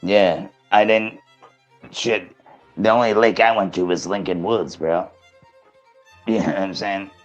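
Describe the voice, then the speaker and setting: A deep-voiced man with a strong Rhode Island accent, talking in loose, profane slang. Soft music plays faintly behind him. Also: fairly even intonation, slow, pauses often, highs cut off. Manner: profane, laid-back slang. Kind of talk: casual chat.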